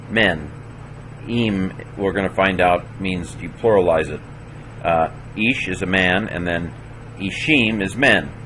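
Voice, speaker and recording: A man with a fairly low voice teaching Hebrew pronunciation, moving very slowly through each syllable before pausing to explain it. A faint hiss sits under the recording. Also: poor audio. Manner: slow, careful, syllable by syllable with short explanations.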